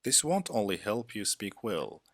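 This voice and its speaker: A male teacher reads a scripted lesson in a very deep yet bright voice. His pitch moves in a lively way, and his delivery stays measured and deliberate. The sound is dry and close. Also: dry recording. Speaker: English teacher.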